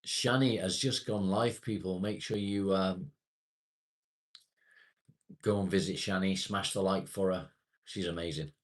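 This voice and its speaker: Speaking at a measured pace with long pauses, a British man from England keeps a steady tone in his low-pitched voice. He's a live streamer, chatting and rambling to his audience and cursing occasionally.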